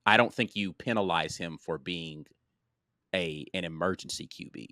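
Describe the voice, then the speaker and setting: A man's voice: low-pitched, moderate pace, pushed and bright, dry recording, clean studio sound. A man co-hosting a casual sports talk show, confident and emphatic, calling people bro. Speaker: podcast co-host.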